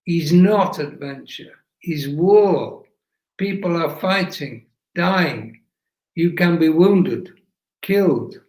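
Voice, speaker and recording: A world-weary woman activist voiced by a man speaks slow, broken English in an Italian accent. Her tone is dry and measured, and it rings in a roomy space. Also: on the high side, animated, a little mellow. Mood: grave. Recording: echoey room.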